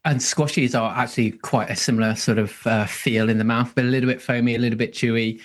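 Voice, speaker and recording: A British man speaking as a podcast guest, easygoing and measured. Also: mid-range voice, fairly even intonation. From United Kingdom. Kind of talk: casual chat.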